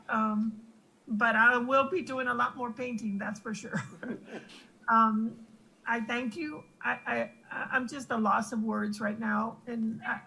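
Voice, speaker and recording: An older woman who is a retiring county attorney gives a halting, emotional thank-you at a public meeting, holding back tears over a remote call. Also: a little high, vocal fry, a bit bright, breathy edge, poor audio.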